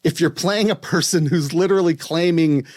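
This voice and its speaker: A man's voice: a little high, moderate pace, darkish tone, no room sound, studio quality. A man from West Virginia hosting a podcast, chatting casually and amusedly, spelling words out letter by letter. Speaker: podcast host. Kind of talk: casual chat.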